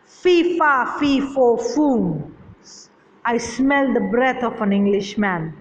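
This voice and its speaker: A woman reading as a booming menacing giant. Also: expressive, slow, slight background noise. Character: huge menacing man-eating male giant. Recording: echoey hall, dull lo-fi sound.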